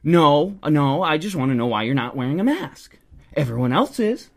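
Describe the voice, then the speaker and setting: A man's voice: a little high, big pitch swings, normal speed, pitched above the performer's own voice. A man voicing an indignant, self-righteous young male shopper in his late twenties, using an accusing tone.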